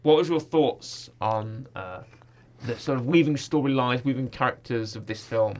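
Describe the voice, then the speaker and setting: A man's voice: medium pitch, moderate pace, a little mellow. A man from the United Kingdom hosting a casual film chat and eagerly recounting scenes from the film. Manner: chatty, recounts scenes with quotes. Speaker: film podcast host.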